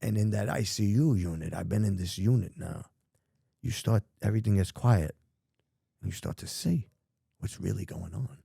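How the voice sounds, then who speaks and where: A middle-aged podcast guest from New York narrates his life in blunt, profane, emphatic street talk. His voice is on the low side, dark and husky with vocal fry, at a moderate pace, and the recording is dry and studio quality.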